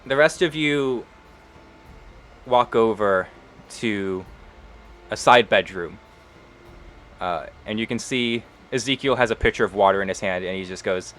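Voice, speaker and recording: A man's voice: fairly low pitch, unhurried, pauses often, a bit bright, slight background noise. A man narrating as game master of a tabletop role-playing game, casual, with frequent ums and uhs.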